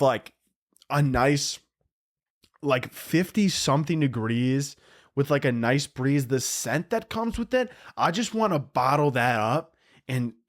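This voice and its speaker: A young man hosting a solo podcast, rambling and cutting himself off, laughing at his own jokes. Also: mid-range voice. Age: young adult. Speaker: podcast host.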